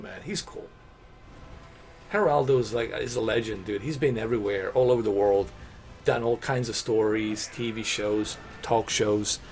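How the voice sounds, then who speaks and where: A man's voice: mid-range voice, slight background noise. Laid-back rambling man streamer. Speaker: gaming streamer. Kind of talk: casual game-stream chat.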